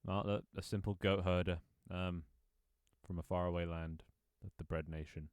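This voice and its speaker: Deep-voiced male gaming streamer, playful and joking, dry close sound. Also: fairly even intonation, normal speed, clean tone, dry recording. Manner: playful, joking, chuckles often. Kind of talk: casual gameplay chat.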